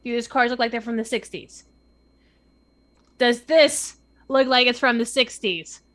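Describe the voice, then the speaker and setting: Brash, bright-voiced woman player. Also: fairly high pitch, steady tone, unhurried. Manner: brash, sarcastic banter. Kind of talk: tabletop role-play.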